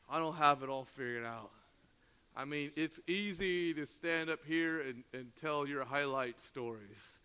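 A man's voice: medium pitch, takes it slowly. A man preaching a sermon, telling a story with lots of laughter and acted-out dialogue. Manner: animated storytelling, laughing often, acting out dialogue. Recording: long hall reverb.

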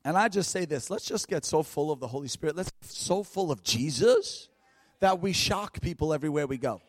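A man preaching a storytelling sermon at a church service, lively, laughing often and breaking into shouts. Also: fairly high pitch, fairly quick, no room sound. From United States.

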